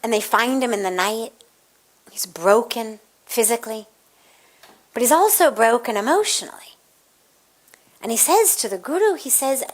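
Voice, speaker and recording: A woman spiritual teacher giving an evening satsang talk, telling a story in measured, deliberate phrases and acting out the voices in it. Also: on the high side, lively intonation. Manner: storytelling, acts out quoted voices.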